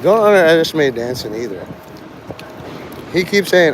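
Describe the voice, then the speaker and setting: A man's voice: fairly high pitch, animated, normal speed, a little hiss or hum, rough recording. A man vlogging outdoors in a city street, rambling with sardonic asides. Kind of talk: rambling live street vlog.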